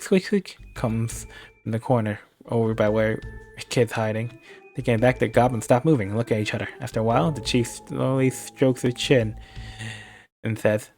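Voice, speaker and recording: A man's voice: medium pitch, moderate pace, a little mellow, faint music behind. Streamer, male, narrates a text game casually and trips over words now and then. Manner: reads narration with casual asides and stumbles. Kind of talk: reading a text game aloud on a live stream.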